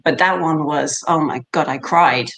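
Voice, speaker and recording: A woman's voice: deep voice, moderate pace, a bit bright. A British woman, an actress, chatting animatedly in an interview with many fillers and laughs. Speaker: actress, guest. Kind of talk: casual interview chat.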